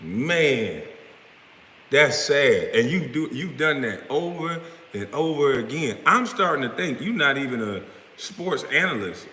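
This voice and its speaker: A man's voice: fairly high pitch, sharp tone, a little hiss or hum. Profane man ranting in an echoey room. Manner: profane, confrontational, trash-talking. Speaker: live-stream host. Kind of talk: heated live-stream rant.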